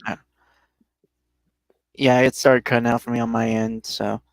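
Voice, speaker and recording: A man's voice: mid-range voice, little pitch movement, a little slow, vocal fry, dry recording. A man with a mid-range voice talking casually on a podcast. He teases his partner and often hesitates and restarts as he talks. The recording is dry and close. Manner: teasing, hesitant. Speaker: podcast co-host. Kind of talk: casual chat.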